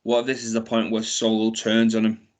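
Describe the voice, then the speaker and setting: A man's voice: lowish voice, monotone, brisk. A man, co-hosting a casual wrestling chat, giving short, offhand picks and speculating about storylines. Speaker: podcast co-host.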